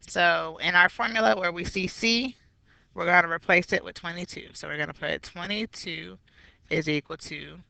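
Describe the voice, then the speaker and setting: A woman's voice: fairly low pitch, vocal fry, pushed and bright, no room sound. A woman math teacher walking through a geometry review step by step, patient and explanatory. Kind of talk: recorded geometry review lesson.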